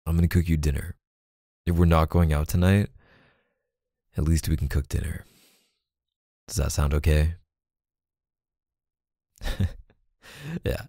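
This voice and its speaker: A young man speaking softly and hesitantly in a whispered role-play, as an affectionate boyfriend. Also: a bass voice, gravelly, dry recording, studio quality. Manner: soft-spoken, hesitant, affectionate. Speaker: ASMR boyfriend roleplay creator.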